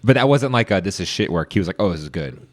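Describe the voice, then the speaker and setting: Relaxed male podcast host, lively pitch. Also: quick pace. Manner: laid-back, reacts with short interjections. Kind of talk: casual interview chat. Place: studio set.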